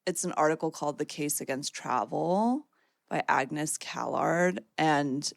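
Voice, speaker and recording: A woman's voice: low voice, animated, measured pace, vocal fry, no echo, studio quality. A woman co-hosting a casual podcast, explaining things thoughtfully and at length. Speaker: podcast co-host. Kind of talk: casual chat.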